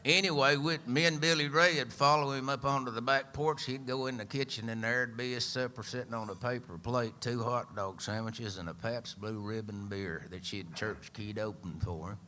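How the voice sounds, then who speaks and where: Speaking at a moderate pace with few pauses, a man in his 70s with an East Tennessee accent tells a dry-humored, folksy story live on the radio. The singer-songwriter and storyteller has a medium-pitched, bright, forceful voice with fairly even intonation, and faint background noise can be heard.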